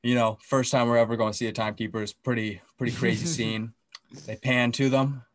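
A man co-hosting a podcast, excitedly recapping a TV episode in casual chat, swearing often and acting out the scenes. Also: mid-range voice, a little fast, no echo, studio quality. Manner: excitable, profane, acts out scenes. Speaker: podcast co-host.

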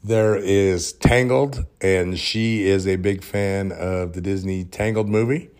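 A man hosting a podcast, telling a deadpan workplace story in a casual, joking way and dropping into whispers to act out the scenes. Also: sits low, slow pace. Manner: deadpan, joking storyteller who drops into whispers when retelling. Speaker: podcast host.

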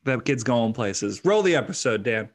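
A man's voice: mid-range voice, big pitch swings, moderate pace. A man co-hosting a comedy podcast, chatting casually with frequent laughs and many fillers. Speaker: podcast co-host.

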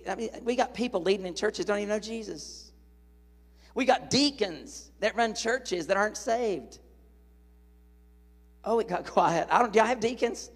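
A man's voice: sits high, normal speed, long pauses, long reverb tail. A middle-aged male evangelist preaching a sermon in a church, telling folksy stories and joking with the congregation. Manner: folksy, animated, jokes with the congregation. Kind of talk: sermon with storytelling.

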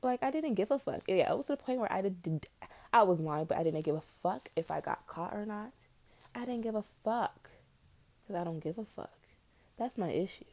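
Blunt, cursing young woman rambling high. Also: animated, fairly quick, dark tone. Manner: profane, blunt and scattered. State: high on weed. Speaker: podcast host. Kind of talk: casual rambling monologue.

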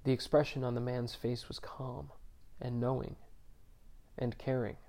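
A man narrating a story in a measured, subdued reading. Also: mid-range voice, little pitch movement, vocal fry, dark tone.

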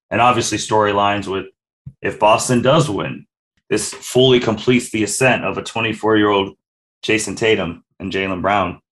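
Co-host, male, lowish voice, steady and methodical in casual chat. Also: poor audio. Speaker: podcast co-host. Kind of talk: casual sports podcast chat.

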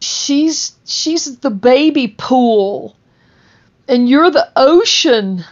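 A woman putting on a breathless, earnest woman, high and heartfelt. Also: lively intonation, extremely slow, muffled recording, heavily acted. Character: earnest woman confessing her feelings.

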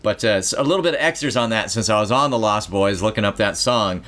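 A man with a somewhat low voice hosts a casual chat. He rambles loosely and leans on fillers as he moves between topics. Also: fast talker, fairly bright tone. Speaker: podcast host.

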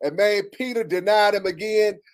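A man's voice: high voice, moderate pace. A man, a guest pastor, preaching on a podcast in a storytelling style, building up and then dropping back down. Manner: storytelling preacher, swelling and falling intensity.

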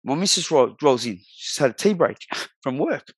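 A man's voice: medium pitch, lively intonation, moderate pace, slightly rough, no echo. An Australian man in his forties, a guest telling his life story bluntly in slangy, swear-heavy talk. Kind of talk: candid storytelling in a podcast interview.

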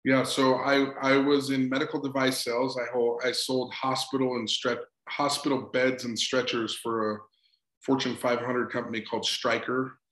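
A man's voice: mid-range voice, normal speed. A man in his forties, a sports psychologist as an interview guest, telling a personal story in a conversational way and acting out both sides of an old dialogue. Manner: animated, acts out both sides of a remembered dialogue. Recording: roomy echo.

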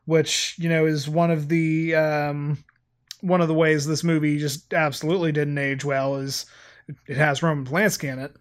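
A man's voice: fairly high pitch, flat delivery, normal speed. Rambling man podcast co-host. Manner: rambling, full of filler words. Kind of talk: casual chat.

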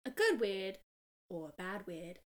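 A woman's voice: medium pitch, sing-song, unhurried. A woman reading the part of a caring young male best friend aloud from fan fiction, playful and giggly. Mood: gentle.

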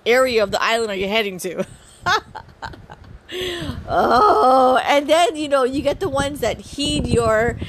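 Animated, sing-song woman vlogging by phone. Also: fairly high pitch. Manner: animated, lots of vocal inflection. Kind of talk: casual chat. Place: her room. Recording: phone recording with background noise.

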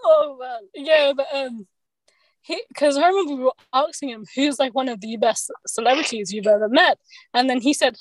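A woman's voice: sits high, moderate pace, no echo, poor audio. A woman chatting casually on a podcast, rambling with lots of fillers and restarts. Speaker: podcast co-host. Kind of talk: casual chat.

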